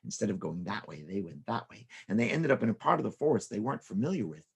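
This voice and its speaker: Man, children's storyteller, expressive, rhythmic repetition, gravelly, husky. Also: on the low side, fast.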